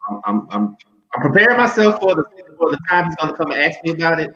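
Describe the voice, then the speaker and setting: A man's voice: a little high, sing-song, quick pace, bright, forceful tone, faint music behind. A man, a podcast co-host, joking candidly in casual chat and repeating himself. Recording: dull lo-fi recording.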